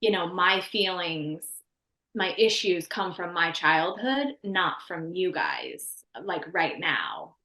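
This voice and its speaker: A woman's voice: on the low side, very animated, slow, pushed and bright, echoey room. A woman in her thirties earnestly sharing a personal story as a podcast guest, rambling with many restarts.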